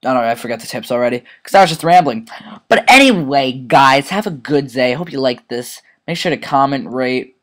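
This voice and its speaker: Brief: teen boy, offhand gaming commentary, crude jokes, rambling, average pitch, mock voices here and there. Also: brisk, few pauses. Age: teens.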